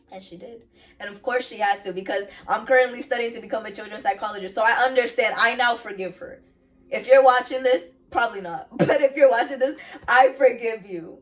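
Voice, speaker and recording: A woman's voice: a little high, moderate pace, far from the mic, faint music behind. A young adult woman telling her personal faith testimony in an earnest, candid way, often repeating phrases for emphasis.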